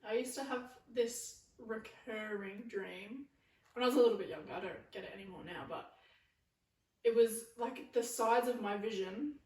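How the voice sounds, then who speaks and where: A young woman co-hosting a casual podcast, talking in quick chatty bursts. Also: medium pitch. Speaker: podcast co-host. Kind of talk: casual chat. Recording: echoey room, far from mic.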